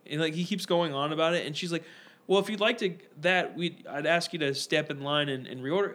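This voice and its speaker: A male podcast co-host tells meandering stories during casual conversation, mimicking the voices of the people he describes. His voice is somewhat high, and he speaks slightly fast in an animated, rambling way.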